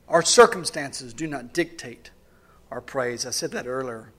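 A man preaching a sermon to his church, swinging between loud, fervent passages and quiet, hushed ones. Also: medium pitch, animated, unhurried, breathy edge. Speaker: pastor.

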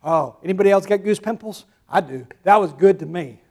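A man with a Southern American accent preaching a sermon, swinging from quiet asides to loud, emphatic declarations. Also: high voice, brisk, vocal fry. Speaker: pastor.

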